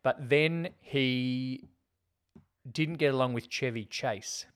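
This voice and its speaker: A man's voice: medium pitch, slow pace, clean tone. A man co-hosting a casual film podcast, chatty and jokey, acting out lines from scenes. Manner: chatty, jokey, acts out quotes. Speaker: podcast co-host.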